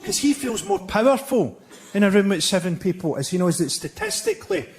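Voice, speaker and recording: A man performing a stand-up routine with a deadpan, biting delivery. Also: high-pitched, a little fast. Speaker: stand-up comedian. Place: theatre stage with audience. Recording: live show with loud audience laughter.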